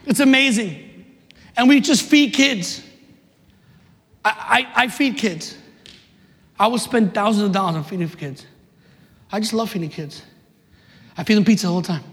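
Man, high-pitched, fervent sermon, repeats himself, loud to hushed, echoing large hall. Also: moderate pace, long pauses. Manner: impassioned, repeats phrases, swings from shouting to hushed. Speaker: preacher. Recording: long reverb of a large hall.

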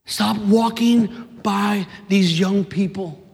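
A man, preaching passionately to young people, rising to emphatic shouts and dropping in joking asides. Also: sits high, slow pace, creaky. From New York City, USA. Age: 30s. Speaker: youth minister. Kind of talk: preaching to a live audience. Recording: reverberant hall.

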